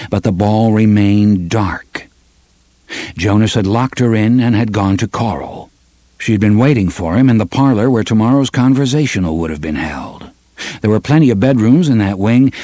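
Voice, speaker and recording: A man reading a gritty novel aloud in steady, measured audiobook narration. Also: lowish voice, dry recording. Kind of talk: scripted narration.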